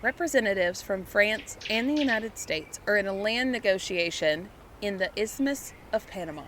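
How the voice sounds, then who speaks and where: Chatty woman with a bright voice. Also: mid-range voice, expressive, moderate pace, slight background noise. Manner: chatty, laughs often, swears casually. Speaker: podcast co-host. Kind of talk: casual chat. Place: small closet at home. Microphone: laptop setup on a fold-out table.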